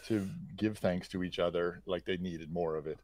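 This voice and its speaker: A man's voice: sits low, fairly even intonation, moderate pace, a little mellow, dry recording. A man co-hosting a casual chat, teasing and sarcastic. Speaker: executive producer, co-host.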